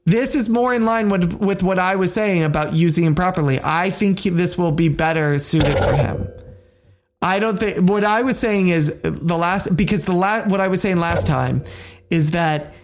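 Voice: medium pitch, moderate pace. A co-host of a casual nerd-news podcast who sounds upbeat and teasing and argues back playfully.

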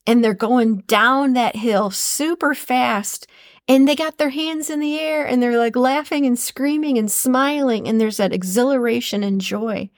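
A woman hosts a motivational podcast, delivering an earnest monologue and repeating phrases for emphasis. Her voice is a little high and unhurried, recorded in clean studio sound with no echo.

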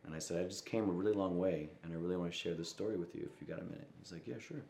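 A young man, a musician, telling a personal story in an interview, reflective and often quoting others in a soft voice. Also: low voice, fairly even intonation, racing, roomy sound. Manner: reflective, quotes voices with soft asides and laughs.

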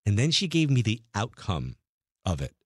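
A middle-aged man with a low voice tells long, winding stories in a relaxed studio conversation. He acts out the people he quotes. The sound is close and dry, with no room echo. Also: moderate pace, breathy edge. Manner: animated storyteller, acts out quotes. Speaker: guest medium. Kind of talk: casual storytelling.

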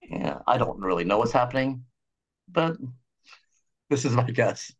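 Animated ranting man, a doctor. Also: medium pitch, a little slow. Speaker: doctor, podcast guest. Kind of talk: casual interview.

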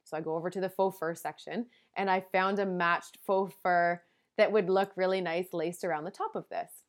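With a lowish voice and fairly even intonation at normal speed, a young woman on her podcast chats through a story, poking fun at herself and laughing. The sound is clean studio audio with no room sound.

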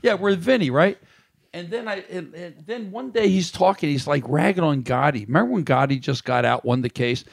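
Raspy, animated man telling stories. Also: on the high side, brisk. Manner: animated, acts out quoted lines. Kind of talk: casual storytelling chat.

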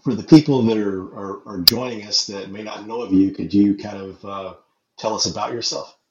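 Low-voiced male host in an echoey room. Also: moderate pace. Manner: relaxed, hesitant questioning with fillers. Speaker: podcast host. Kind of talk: casual interview. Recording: echoey, muffled, with crowd noise.

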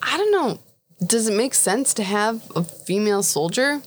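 A woman's voice: a little high, very animated, normal speed, a little hiss or hum. Giggly, playful woman player. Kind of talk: casual tabletop game chat.

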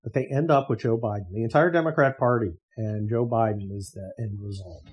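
A man's voice: on the low side, brisk, husky, dull audio. A man hosting a podcast, talking casually in a sarcastic, profane rant. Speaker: podcast host. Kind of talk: casual monologue.

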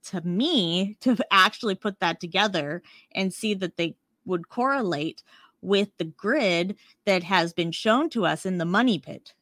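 A woman's voice: mid-range voice, expressive, unhurried, a bit bright, no echo, clean studio sound. A woman co-hosting a podcast, chatting playfully and enthusiastically about a TV episode. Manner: enthusiastic, playful, self-deprecating. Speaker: podcast co-host. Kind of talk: casual chat recapping a TV episode.

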